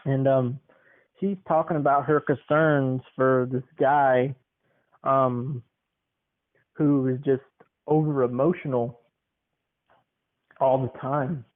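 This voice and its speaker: A young man co-hosting a podcast with his grandmother, telling a spooky story and chatting casually with lots of fillers. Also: medium pitch. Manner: relaxed, many fillers, dramatic "dun dun dun". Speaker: podcast co-host. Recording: tinny phone-like sound.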